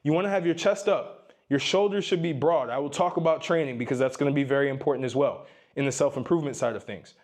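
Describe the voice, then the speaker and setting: A man's voice: mid-range voice, fast talker, darkish tone. A young man giving dating advice straight to the camera, emphatic and lecturing, shifting his tone up and down to stress his points. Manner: emphatic, lectures the viewer with repeated "you need to"; varies tone on purpose to stress points. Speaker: dating and self-improvement advice creator. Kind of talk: direct-to-camera advice monologue. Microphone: facing camera.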